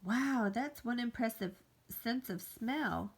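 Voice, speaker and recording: A woman's voice: a little high, slow, slightly rough. A woman teacher expressively reading a graphic novel aloud, voicing its sound effects.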